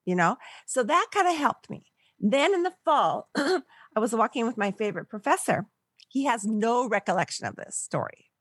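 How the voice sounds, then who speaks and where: Older woman from LA telling her story, lively and chatty, dry close sound. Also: a little high, normal speed, breathy edge, no echo. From Los Angeles area. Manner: animated storyteller, acts out quoted voices. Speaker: podcast guest. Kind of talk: storytelling in a conversational interview.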